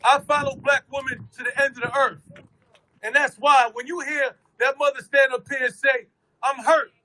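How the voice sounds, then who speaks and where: Man, rally speaker, impassioned shouted oratory, rhythmic delivery, very high piercing voice. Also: little pitch movement, normal speed, a little hiss or hum, low-quality recording. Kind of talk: impassioned protest rally speech.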